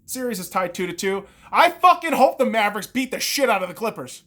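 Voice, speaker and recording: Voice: mid-range voice, sing-song, fairly quick, fairly bright tone. A podcast host alone in a room, ranting about basketball with constant swearing and heated bursts. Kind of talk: solo sports rant.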